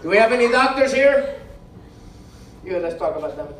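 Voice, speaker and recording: A man doing live stand-up, brash and teasing with the crowd, recorded from afar in an echoey venue with loud noise. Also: very high voice, expressive, normal speed, recorded from a distance. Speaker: stand-up comedian. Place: comedy stage.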